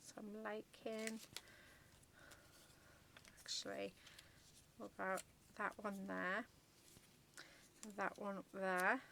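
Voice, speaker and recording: A woman's voice: mid-range voice, gravelly, fairly bright tone, a little hiss or hum. A woman chatting casually through a card-making tutorial, gushing over her work with many ums and murmured asides. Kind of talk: casual crafting tutorial chat.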